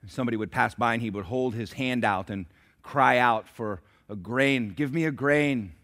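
A man preaching a sermon in a church, telling a story dramatically and swinging from hushed to loud. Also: medium pitch, moderate pace. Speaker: pastor. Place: church sanctuary.

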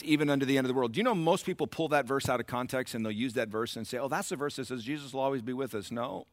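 A man's voice: mid-range voice, fast talker, few pauses, a bit bright, no room sound. A middle-aged man preaching a sermon as pastor, building to emphatic surges and talking directly to the congregation.

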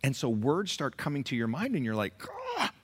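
A man preaching a sermon as pastor, emphatic and animated, with many rhetorical questions. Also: medium pitch, fairly quick, breathy edge.

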